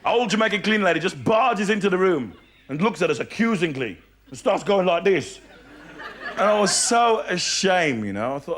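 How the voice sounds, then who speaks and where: A high-pitched, very animated man in his thirties with a Birmingham accent speaks at a moderate pace. He's a stand-up comedian on a large theatre stage, telling stories and switching into character voices, with loud audience laughter over the live stage mic.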